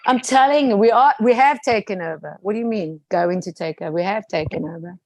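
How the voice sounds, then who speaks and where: A South African woman chatting in a lively way and acting out the people in her stories. Her voice sits in a middle pitch. It is recorded close and dry, with no room sound. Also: a little fast, no echo, poor audio. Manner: lively storyteller, quotes people in different voices. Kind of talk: casual chat.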